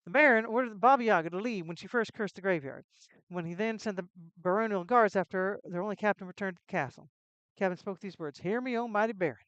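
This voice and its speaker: A woman's voice: mid-range voice, fast talker, no echo, dull audio, natural voice. A woman voicing a solemn male castle gatekeeper, reading the game's lines in plain speech. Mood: informative. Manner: plain game-text reading.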